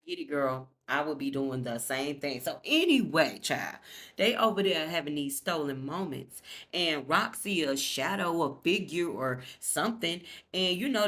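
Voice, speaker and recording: A woman's voice: low-pitched, lively intonation, unhurried, fairly bright tone. A woman giving a casual TV episode recap, chatty and gossipy, swearing freely and talking straight to her viewers. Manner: chatty, gossipy and profane, addressing viewers directly. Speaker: TV recap vlogger.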